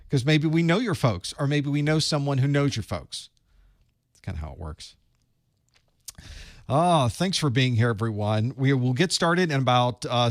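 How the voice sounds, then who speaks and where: A man's voice: medium pitch, no room sound. A man with a Southern US drawl chats in a folksy way, greeting viewers across the map before class begins. His mid-range voice sits close and dry on the mic, with no room sound around it. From Southern United States. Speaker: IT certification instructor hosting a live study group. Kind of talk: casual livestream pre-show chat.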